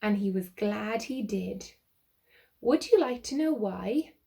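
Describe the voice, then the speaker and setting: Slow, expressive woman reading a children's story. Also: medium pitch, creaky. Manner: slow, expressive, with soft whispered asides. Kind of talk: reading a picture book aloud to children.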